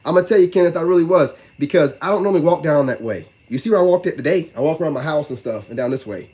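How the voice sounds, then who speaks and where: A man's voice: a little high, lively intonation, darkish tone. A man talking casually to his live viewers in a loose, rambling way, full of slang and repeated "you know what I'm saying". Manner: fast, loose slang-heavy speech. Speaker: vlogger talking to live chat. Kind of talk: casual live-stream talk.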